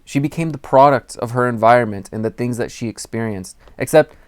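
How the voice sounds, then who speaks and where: A man's voice: medium pitch, a little fast, no echo, clean studio sound. A young man talking earnestly to camera, giving personal advice in a rambling way with acted-out quotes. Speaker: spiritual advice channel host. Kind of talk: candid personal talk to camera.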